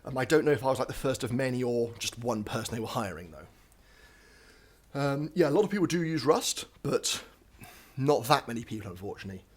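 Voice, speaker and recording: On a live coding stream, a young man works at a standing desk in his home office, thinking aloud with plenty of ums and asides. He sounds a bit out of breath. His medium-pitched, husky voice is expressive and a little fast.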